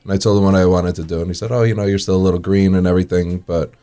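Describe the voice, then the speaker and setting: A man's voice: low voice, level tone, very fast, mellow. A man, a restaurant owner telling casual stories in an interview, acting out the dialogue and chuckling often. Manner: acts out quoted dialogue in anecdotes, chuckles often.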